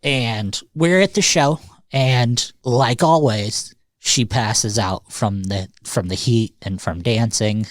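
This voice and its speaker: A man's voice: mid-range voice, slow pace, no echo. A man co-hosting a podcast, telling rambling, self-correcting anecdotes in casual chat with swearing and laughter. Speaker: podcast co-host.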